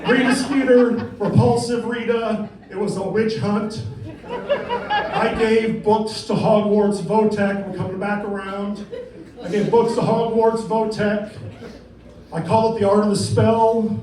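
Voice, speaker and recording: A man's voice: high-pitched, steady tone, slow, a crowd in the background. A stand-up comedian doing an impersonation of a boastful male head of a wizard school, drawn out and emphatic, on a club stage. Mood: bragging. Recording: echoey room, distant mic, noisy.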